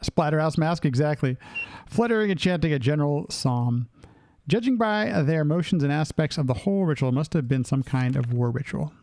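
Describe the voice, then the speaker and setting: A young man streaming a game, reading the on-screen text aloud with halting starts and casual asides to viewers. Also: a little high, lively intonation, a little mellow, no echo. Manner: reads aloud haltingly, breaking off for asides and laughs.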